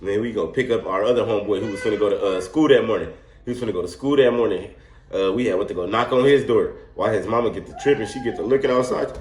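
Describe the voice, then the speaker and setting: Young dude telling a storytime, laughing a lot, slangy, echoey room. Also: male voice, on the low side, quick pace, darkish tone. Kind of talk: casual storytime vlog.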